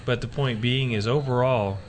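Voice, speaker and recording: Hosting a casual faith talk radio show, this man rambles along with frequent fillers and restarts. His mid-range voice keeps a fairly even intonation at normal speed, with slight background noise.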